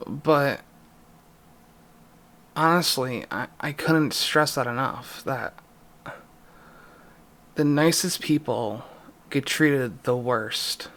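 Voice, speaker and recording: A young man in an emotional vlog confession, distressed and near tears, speaking haltingly with pauses and a voice that drops. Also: mid-range voice, fairly bright tone. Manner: halting, pausing, voice dropping. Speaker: YouTuber.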